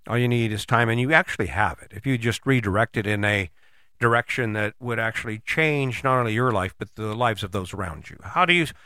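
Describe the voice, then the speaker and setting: Man with a bright, dry voice, motivational speaker coaching the listener directly, animated. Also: lowish voice, a little fast, dry recording. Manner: animated, acts out imagined dialogue. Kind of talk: motivational monologue.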